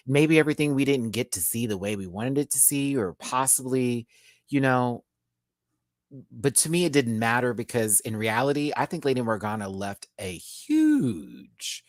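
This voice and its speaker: A man's voice: lowish voice, no room sound, studio quality. A man giving a casual live review, campy and sassy, who laughs often between his remarks. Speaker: YouTube drag show reviewer.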